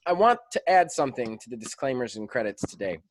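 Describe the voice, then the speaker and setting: A man in his thirties hosting a podcast, telling a story in a lively, animated casual chat. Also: mid-range voice, quick pace, no echo. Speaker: podcast host.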